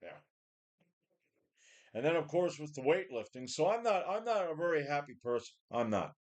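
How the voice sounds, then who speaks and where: A man's voice: a little high, big pitch swings, moderate pace. Blunt, weary man in his forties. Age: 40s. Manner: blunt, profane, weary, full of sighs and restarts. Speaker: vlogger. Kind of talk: casual rambling talk to a webcam. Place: home gym. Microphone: webcam.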